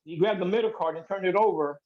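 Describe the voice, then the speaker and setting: A man's voice: high voice, fast. A man telling a comic story while performing a card trick, in a chatty, rambling way with many asides, on a video call from a relative's house. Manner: chatty, rambling, self-interrupting. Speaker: amateur magician. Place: niece's house, indoors. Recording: muffled video call audio.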